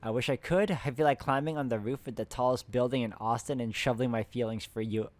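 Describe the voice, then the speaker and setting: This host of a co-op puzzle game playthrough reads the in-game letters aloud plainly and casually, interrupting himself to laugh and chat with a friend. His voice is medium in pitch and quick-paced, with no echo.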